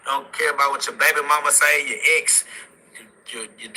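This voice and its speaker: A man's voice: mid-range voice, fairly even intonation, fairly quick, sharp tone, slightly rough, low-quality recording. A young man giving an impassioned, preaching-style motivational talk, driving points home with repeated exhortations. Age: young adult. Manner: repetitive exhortations punctuated with "facts". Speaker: motivational speaker.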